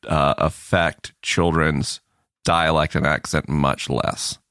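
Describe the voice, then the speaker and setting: A man with a Southern Florida Panhandle accent chatting as a podcast guest, wry and animated. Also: rumbling low, takes it slowly, no echo, clean studio sound. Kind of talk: casual chat.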